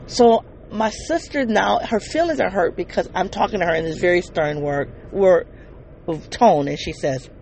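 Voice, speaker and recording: Creaky-voiced podcaster telling a painful story. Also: medium pitch, a little mellow, a little hiss or hum, low-quality recording. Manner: halting, with frequent restarts and self-corrections; earnest, addresses listeners directly. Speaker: podcast host. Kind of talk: emotional personal storytelling.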